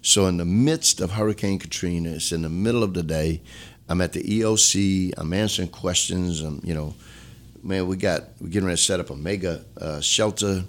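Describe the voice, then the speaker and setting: Deep-voiced man, earnest and reflective. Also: fairly quick. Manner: earnest, reflective, drops to a low hush when emotional. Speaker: former police chief, guest. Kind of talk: candid storytelling interview.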